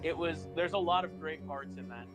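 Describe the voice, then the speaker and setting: A man's voice: on the high side, moderate pace, over music. A man chatting casually on a live stream, telling stories with laughs. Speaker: theater actor and co-host.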